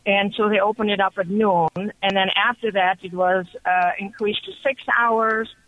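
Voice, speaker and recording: A woman calling in to a radio show, telling her story in an excited, chatty way. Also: mid-range voice, normal speed, a little hiss or hum. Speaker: caller. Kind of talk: call-in radio testimony. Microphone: telephone. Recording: muffled phone line.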